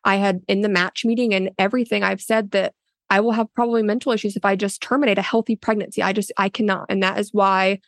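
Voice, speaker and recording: A woman's voice: mid-range voice, steady tone, fast talker, no echo, clean studio sound. A woman telling her own story in an interview, earnest and loose, with many fillers and restarts, often quoting others in a raised voice. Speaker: interviewee, a surrogate. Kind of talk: casual spoken interview.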